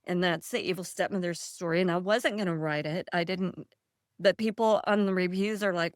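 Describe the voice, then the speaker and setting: A woman's voice: on the low side, steady tone, brisk, no echo, clean studio sound. A woman author in a casual interview, telling stories in a rambling way and laughing often. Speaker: author guest.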